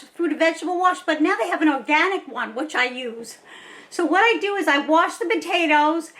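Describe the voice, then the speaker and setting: This is a cooking vlog host demonstrating a dish at home in a chatty, upbeat way, laughing often. Her voice is high-pitched and a bit bright, with a slight hiss or hum, and the distant mic leaves a roomy kitchen sound.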